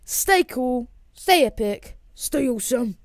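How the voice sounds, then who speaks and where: A woman giving excitable, jokey live commentary over her own gameplay, with bursts of loud exclamations. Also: high-pitched, slow pace, dry recording. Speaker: gaming YouTuber.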